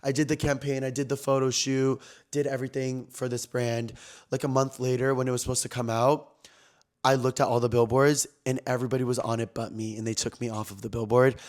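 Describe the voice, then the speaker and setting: A young man talks fast and loosely on his own podcast, mid-pitched and full of slang. He tells a story like gossip to friends, getting loud and then dropping low in quick swings. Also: flat delivery. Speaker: podcast host. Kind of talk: casual storytelling chat.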